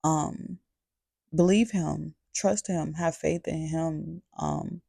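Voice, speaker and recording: A woman's voice: low voice, fairly even intonation, slow, vocal fry, background noise. A woman vlogger giving a candid, confessional testimony to camera, earnest and repeating her phrases for emphasis. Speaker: faith vlogger.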